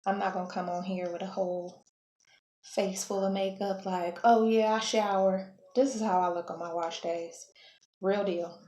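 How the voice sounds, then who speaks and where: A woman hair vlogger talking through her wash-day routine in a relaxed, chatty way, often correcting herself mid-sentence. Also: on the low side. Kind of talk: casual how-to vlog. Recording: echoey room, faint background hum.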